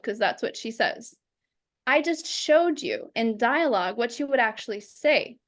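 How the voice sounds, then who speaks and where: A woman teaching public speaking over a video call, lively and acting out examples in quoted voices. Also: high voice, normal speed. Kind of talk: instructional talk.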